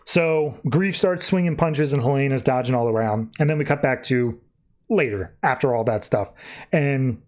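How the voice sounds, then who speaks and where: A man's voice: mid-range voice, moderate pace. Host, male, rambling casual comics recap. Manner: rambling, animated storyteller. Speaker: podcast host.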